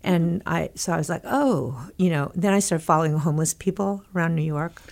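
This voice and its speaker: A middle-aged woman from Texas, a guest telling a long anecdote in animated bursts, quoting people as she goes. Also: deep voice, a little fast, creaky. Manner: animated, breathless anecdote-telling with quoted dialogue. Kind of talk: conversational storytelling.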